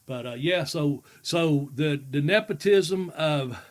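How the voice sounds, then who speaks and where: Man, middle-aged, fairly high voice, laughing storyteller, casual co-host chat. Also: slow. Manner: laughs often, acts out voices in stories. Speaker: podcast co-host, former wrestler.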